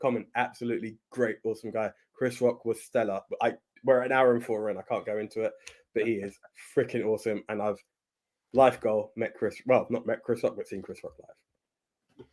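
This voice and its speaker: A man co-hosting a podcast in casual chat, excitable, swearing freely and acting out what others said. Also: on the low side, normal speed. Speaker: podcast co-host.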